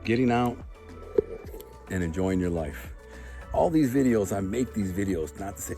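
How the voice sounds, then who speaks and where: A man, talking casually to camera outdoors by a river, excited and rambling, often repeating himself. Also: fairly low pitch, a little slow, long pauses, faint music behind. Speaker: vlogger. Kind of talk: casual outdoor vlog narration.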